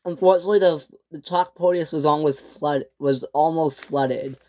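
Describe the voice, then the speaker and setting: A woman's voice: deep voice, moderate pace, dark tone. Woman narrating a toy train story, stumbling. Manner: breathless, stumbling.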